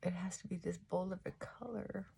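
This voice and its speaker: A woman's voice: on the low side, steady tone, normal speed, creaky, noisy background. A middle-aged woman vlogger chatting casually and reflectively while doing her makeup, rambling and trailing off mid-thought.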